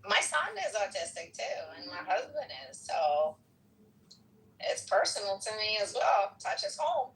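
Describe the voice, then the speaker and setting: A woman's voice: medium pitch, sing-song, measured pace, fairly bright tone, far from the mic, rough recording. A woman in a casual political chat, talking in an outraged, exclaiming way.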